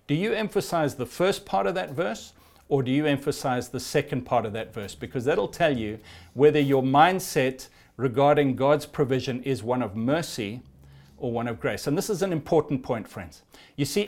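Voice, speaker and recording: A middle-aged man, a pastor, preaching an earnest sermon with rhetorical questions to the congregation. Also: fairly high pitch.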